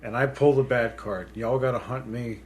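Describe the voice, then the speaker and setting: A man's voice: medium pitch, moderate pace, a little hiss or hum. A man co-hosting a casual podcast from home, joking and self-deprecating as he talks through a movie. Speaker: podcast co-host. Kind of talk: casual chat. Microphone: pink studio mic.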